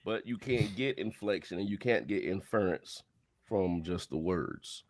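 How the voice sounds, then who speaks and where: A man chatting casually in a group, animated, jumping into high squeals when joking. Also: unhurried, dry recording. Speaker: podcast host.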